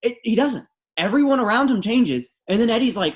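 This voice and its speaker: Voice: mid-range voice, animated, fairly quick. A co-host with a mid-range voice talks casually on a podcast. They make critical points and lean on rhetorical questions. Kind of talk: casual chat.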